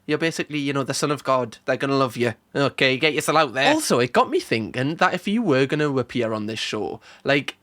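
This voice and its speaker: A man's voice: medium pitch, lively intonation, fairly quick, few pauses, a bit bright. A man giving jokey, sarcastic reaction commentary. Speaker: YouTube commentator.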